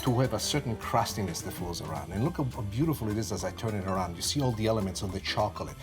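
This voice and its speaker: A man in his sixties with an Italian accent, hosting a cooking show and explaining a dessert in an expressive, storytelling way. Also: lowish voice, fast, over music. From Sicily, Italy. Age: 60s. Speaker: TV chef host.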